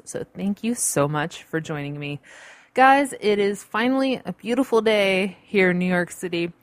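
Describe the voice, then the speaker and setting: A woman's voice: mid-range voice, dry recording. A woman hosting her own podcast in a bubbly, chatty way, with playful asides, recorded at home on a computer. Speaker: podcast host. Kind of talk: casual solo podcast talk. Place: home in a large city. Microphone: computer-recorded podcast mic.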